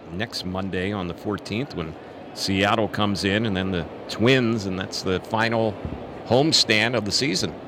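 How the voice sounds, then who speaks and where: A man calling a baseball game as the play-by-play announcer, steady and informative, reading the count and the sponsor spots. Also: fairly low pitch, noisy background. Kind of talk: radio baseball commentary.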